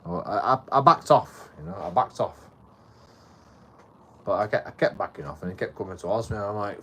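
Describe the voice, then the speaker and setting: A man's voice: lowish voice, expressive, moderate pace, long pauses, bright, forceful tone, slight background noise. A man in his late thirties from Bradford with a Yorkshire accent, telling a rambling, swear-filled story to his live chat and often repeating himself. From Bradford, England. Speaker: live streamer.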